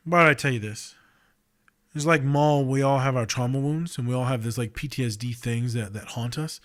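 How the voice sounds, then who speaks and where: Man, 30s, podcast host; swearing, animated casual monologue with sharp swings in volume. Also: medium pitch, brisk. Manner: blunt, profane and animated, swings between loud outbursts and quiet reflection.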